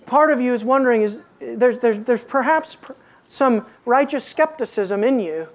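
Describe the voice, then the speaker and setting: A woman's voice: a little high, moderate pace. Woman preaching with rhetorical questions. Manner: rhetorical questions to the congregation, dropping to hushed emphasis. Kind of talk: expository sermon.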